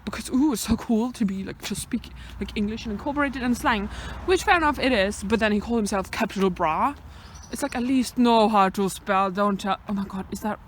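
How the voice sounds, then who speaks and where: A woman vlogging on a hike outdoors, chatting nervously into a handheld camera and swinging between whispers and loud exclamations. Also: mid-range voice, a little fast, few pauses, a little hiss or hum. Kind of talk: casual vlog narration while hiking. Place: outdoors on a hillside near fenced fields.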